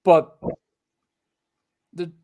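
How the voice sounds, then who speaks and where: A man's voice: extremely slow, warm tone, lo-fi sound. A man co-hosting a podcast, giving dry, wry comments in a casual film chat. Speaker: podcast co-host.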